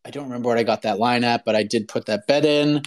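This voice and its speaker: A man's voice: mid-range voice, fast. A man hosting a show, chatting casually and rambling through his betting picks, laughing as he talks. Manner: relaxed, rambling, laughs while talking. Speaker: podcast host. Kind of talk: casual chat about fight betting.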